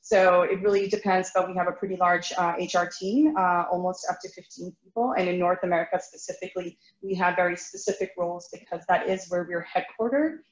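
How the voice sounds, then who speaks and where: A woman's voice: fairly low pitch, a little fast, few pauses, roomy sound, highs cut off. A woman guest on a podcast, answering fluently and in a businesslike way, often opening with "so". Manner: fluent, businesslike, many "so" openers. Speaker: guest, recruiting lead.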